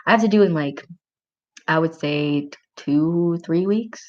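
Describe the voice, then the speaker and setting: Giggly low-voiced woman livestreaming. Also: measured pace, a little mellow, dull audio. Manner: rambling and giggly, many filler words. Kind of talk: casual livestream chat reading comments.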